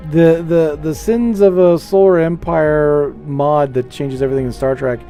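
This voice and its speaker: A man talks casually as he plays a space game, rambling from topic to topic and telling stories in an animated way. His voice sits high for a man. Faint music plays softly underneath. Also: normal speed. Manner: rambling, animated storytelling with playful put-on voices. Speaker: gaming streamer. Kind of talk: casual gameplay chat.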